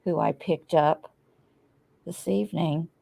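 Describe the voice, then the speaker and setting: A middle-aged woman hosting a podcast, telling a story in casual chat, animated and profane. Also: deep voice, slow, gravelly. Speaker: podcast host.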